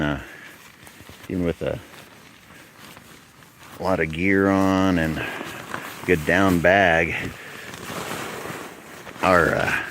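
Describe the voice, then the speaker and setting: A man's voice: deep voice, background noise. A man casually demonstrating camping gear inside a small tent, chatty and folksy, recorded on a handheld phone. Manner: chatty, folksy, thinking aloud. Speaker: outdoor gear reviewer. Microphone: phone held in hand.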